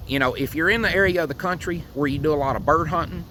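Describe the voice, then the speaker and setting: A man from Tennessee gives a folksy, unhurried demonstration of hunting calls, with frequent fillers. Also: fairly high pitch, sharp tone, slight background noise. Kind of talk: outdoor how-to demonstration.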